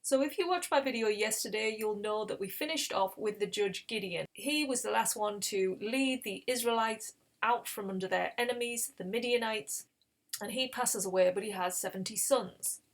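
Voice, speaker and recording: A woman's voice: medium pitch, moderate pace. Woman casually retelling scripture. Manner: conversational, explains with asides. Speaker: Bible reading channel host.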